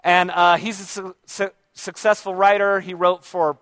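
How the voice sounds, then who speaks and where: A man's voice: sits high, little pitch movement, normal speed, a bit bright, clean tone, no echo. A man talking casually and reflectively about books he has read, rambling along with frequent restarts and self-corrections. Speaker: book reviewer. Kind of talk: casual book talk.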